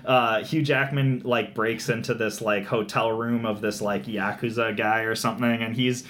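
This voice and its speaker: A man's voice: fairly low pitch, steady tone, moderate pace, fairly bright tone, a little hiss or hum. Young male co-host, casual chat, chatty, laughs a lot, fillers. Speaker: podcast co-host. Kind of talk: casual chat about movie tropes.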